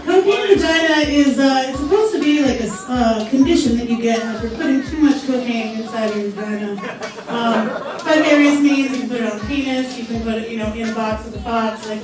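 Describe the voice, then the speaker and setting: A woman doing open-mic stand-up, rambling and giggling between halting lines. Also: on the high side, heavy reverb, distant mic, poor audio. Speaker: stand-up comic.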